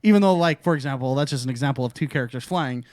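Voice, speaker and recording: A man's voice: medium pitch, racing, a little mellow, dry recording, clean studio sound. Eager male gaming podcast co-host. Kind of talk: casual gaming chat.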